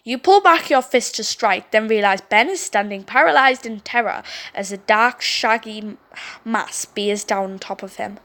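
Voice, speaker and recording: A woman gaming YouTuber reading a story game aloud, expressive and reacting with exclamations. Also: on the high side, normal speed.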